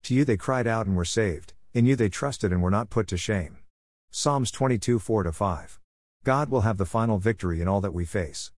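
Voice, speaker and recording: A man reading a devotional essay aloud in a measured, earnest manner. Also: fairly low pitch, no echo, clean studio sound. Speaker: reader.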